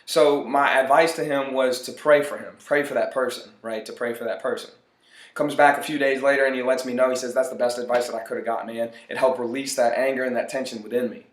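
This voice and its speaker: A man's voice: medium pitch, fairly even intonation, a little fast. Earnest male motivational speaker, mid-range voice, echoey room. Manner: earnest, repeats phrases for emphasis. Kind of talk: motivational monologue. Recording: roomy echo.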